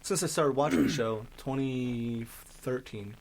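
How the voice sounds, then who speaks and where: A man's voice: medium pitch, measured pace, vocal fry, rough recording. A man co-hosting a podcast, chatting casually about shows he rewatches, laughing and swearing often. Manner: animated, laughing, quoting movie lines, swears. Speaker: podcast co-host. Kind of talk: casual chat.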